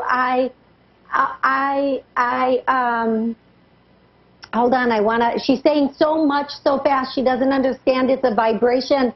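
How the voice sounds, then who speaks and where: A woman working as a psychic medium on a live radio show, relaying messages in a halting way with many restarts. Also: sits high, steady tone, muffled recording.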